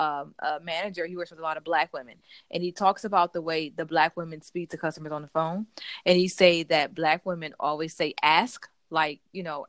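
A woman co-host chats casually on a podcast, spinning stories and playing out the lines people said to her. Her voice sits on the low side. The sound is dry and close. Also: no room sound. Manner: animated storytelling, acts out quotes. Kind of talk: casual chat.

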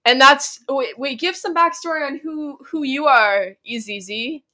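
A young woman from Canada co-hosting a casual podcast, rambling and giggling with sudden loud outbursts. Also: high voice, a little slow. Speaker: podcast co-host. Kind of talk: casual chat.

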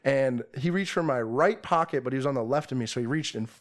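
Profane, animated young man telling a story. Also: mid-range voice, fast. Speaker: podcast guest. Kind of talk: casual storytelling.

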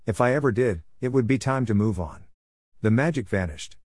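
A man reading his own reflective story in a measured, wry way. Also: mid-range voice, lively intonation, darkish tone, dry recording, clean studio sound. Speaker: narrator.

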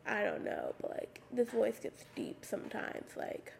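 A teenage girl hosting her own podcast, raspy with a slight lisp on her s sounds, rambling casually with lots of "like" fillers into a USB microphone. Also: mid-range voice, wildly swooping pitch, a little slow, a little mellow, slight background noise. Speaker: podcast host. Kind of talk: casual solo podcast talk. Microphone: USB microphone at a computer.

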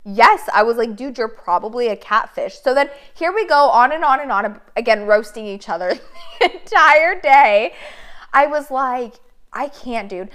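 Woman, casual chat, animated storytelling, swears a lot, acts out messages. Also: fairly high pitch, moderate pace.

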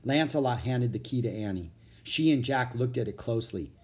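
A man reading a children's book aloud as audiobook narrator, with an expressive, animated storytelling manner. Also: mid-range voice, brisk.

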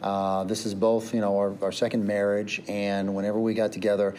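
A man answering interview questions as a podcast guest, in a measured, conversational way. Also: on the low side, level tone, darkish tone, slight background noise.

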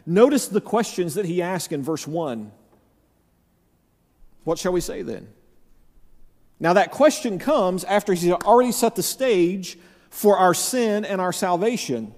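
A man preaching a sermon as pastor, stressing key phrases by slowing down and leaning into them. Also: sits high, animated, darkish tone. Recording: reverberant hall.

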